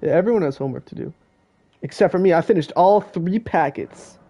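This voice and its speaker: Animated and brisk, a teenage boy with a high, warm voice provides casual live-stream commentary on a video game while joking with friends on a call.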